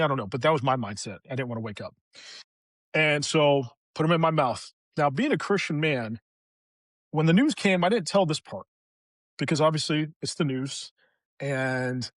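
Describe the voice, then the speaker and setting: Brief: middle-aged male veteran guest, raw and candid, swears freely, voice a bit high, dry close sound. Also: lively intonation, moderate pace, no echo. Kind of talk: candid personal storytelling.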